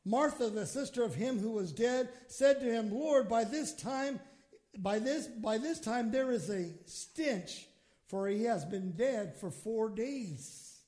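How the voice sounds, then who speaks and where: A man preaching a sermon with a very high-pitched voice. He swings from quiet, drawn-out scripture reading to loud, fervent exclamations, and he acts out prayers as he goes. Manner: impassioned preaching, swings from hushed to shouting; acts out quoted prayers in his own voice. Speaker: pastor.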